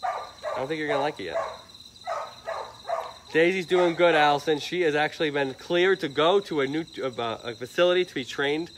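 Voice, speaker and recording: A man's voice: a little high, normal speed, long pauses. A man chatting casually to livestream viewers outdoors at an animal shelter, often sweet-talking a dog. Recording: noisy outdoor phone livestream. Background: crickets and insects.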